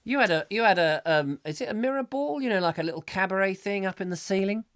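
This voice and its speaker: A man's voice: high voice, lively intonation, fast, a bit bright, clear, resonant tone, no echo, clean studio sound. A man hosting a live call-in chat show, rambling and chatty, with lots of ums as he reads out comments. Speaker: host.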